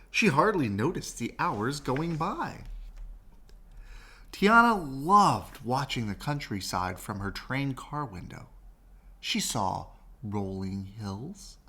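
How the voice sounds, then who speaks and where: A man reads a children's picture book aloud at an unhurried pace. His voice climbs and dips in a lively sing-song. He sounds like a bedtime story reader. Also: medium pitch, breathy edge. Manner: slow, expressive, sing-song rises and falls.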